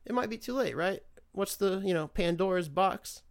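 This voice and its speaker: A man hosting a podcast, ranting in a loose, profane, sarcastic way. He wanders off, loses his thread and restarts sentences. His voice is smooth and resonant and sits a bit high for a man. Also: lively intonation, moderate pace. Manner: loses his train of thought, restarts often. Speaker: podcast host. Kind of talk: casual solo political rant.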